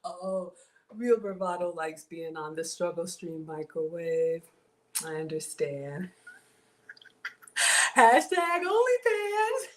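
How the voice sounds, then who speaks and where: A woman's voice: low-pitched, fairly even intonation, takes it slowly, dark tone. A woman hosting a casual live cooking stream, playful and theatrical, breaking into gasps and whispered asides. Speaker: home cook and live-stream host.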